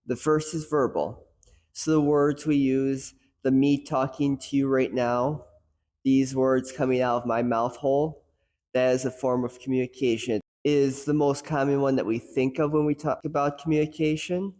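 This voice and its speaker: Young man hosting a casual, self-mocking lesson, mid-pitched voice, long reverb around him. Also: a little mellow. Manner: casual, self-deprecating, demonstrates emphasis and pacing. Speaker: host. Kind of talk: educational monologue on sports psychology.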